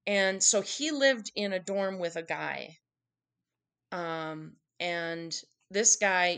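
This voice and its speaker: With a fairly low but somewhat bright voice, a woman guest candidly recounts an emotional story from her life in conversation, voicing the quotes of what people said.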